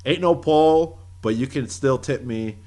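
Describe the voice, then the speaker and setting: A man speaking unhurriedly as he co-hosts a casual podcast. He reads posts aloud, laughs often and swears freely, at a mid pitch. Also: dark tone. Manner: slow, laughing, crude jokes. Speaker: podcast co-host. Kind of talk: casual podcast banter, reading tweets aloud.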